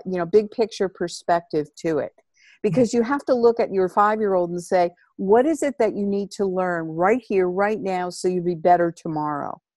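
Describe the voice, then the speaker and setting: A woman's voice: mid-range voice, a little mellow, no room sound, clean studio sound. A woman host in a podcast conversation, talking about parenting in an emphatic, instructive way and repeating her key phrases.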